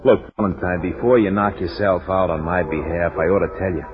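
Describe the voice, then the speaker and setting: A man's voice: low-pitched, steady tone, fairly quick, lightly acted. A man playing a theatrical, doomed private eye. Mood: wry. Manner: theatrical, self-pitying. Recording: muffled 1940s radio recording with music.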